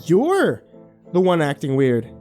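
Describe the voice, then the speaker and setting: A man's voice: a little high, wildly swooping pitch, slow, a little mellow, soft background music, full character voice. A man voicing a young woman who blurts out defensive lies.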